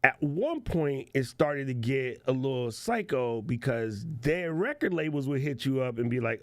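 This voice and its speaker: A man's voice: mid-range voice, expressive, moderate pace, hardly any pauses, fairly bright tone, no room sound, clean studio sound. A man hosting a casual livestream show, playful and slangy, laughing often as he chats. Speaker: show host.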